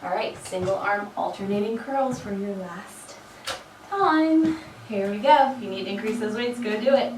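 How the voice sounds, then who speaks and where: A woman's voice: mid-range voice, moderate pace. Woman fitness coach, chatty rep-counter, a touch froggy, recorded from a distance in a noisy, echoey room. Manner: encouraging, chatty asides between counted reps. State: frog in her throat. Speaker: fitness instructor. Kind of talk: workout instruction with rep counting. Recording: echoey room, mic far off.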